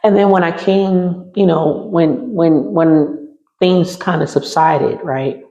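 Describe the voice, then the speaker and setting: A woman's voice: fairly low pitch, fairly even intonation, slow, dark tone. A woman teaching a healing class, telling a personal story to her listeners and circling back over her own phrases as she recounts it. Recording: roomy and slightly muffled.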